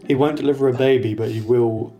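A man's voice: medium pitch, steady tone, quick pace, muffled recording, over music. A man co-hosting a casual podcast, making dry jokes while watching a show. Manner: dry, joking commentary. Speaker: podcast co-host.

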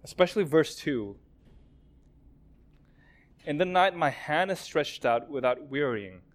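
A man's voice: on the high side, expressive, unhurried. A man preaching a sermon in a conversational way, often acting out quoted prayers and remarks.

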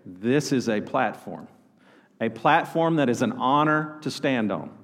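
A man's voice: medium pitch, lively intonation, a little slow, fairly bright tone. A male pastor, preaching a sermon and calling on the congregation to answer back. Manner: preaching, calls out to congregation for responses. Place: church sanctuary. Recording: long hall reverb.

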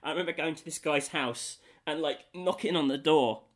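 A man in casual chat, telling an animated story with many fillers and frequent laughter. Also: fairly high pitch, normal speed.

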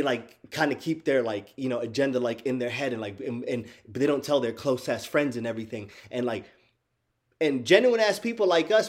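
Male streamer, casual and profane, laughs easily, speaks to viewers directly, mid-range pitch. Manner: animated, profane, laughs often, addresses listeners as y'all. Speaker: streamer talking to chat. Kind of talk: casual chat.

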